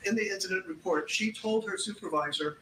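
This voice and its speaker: A man giving a closing argument as a defense attorney, measured and formal. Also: high-pitched, sharp tone, reverberant, slight background noise, rough recording.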